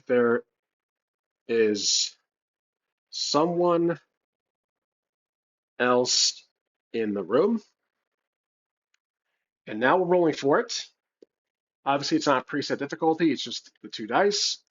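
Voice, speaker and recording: Brief: man narrating his own solo game, unhurried and thinking aloud, muffled home mic. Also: mid-range voice. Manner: thinking aloud, unhurried, with fillers and self-corrections. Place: home room with a cat.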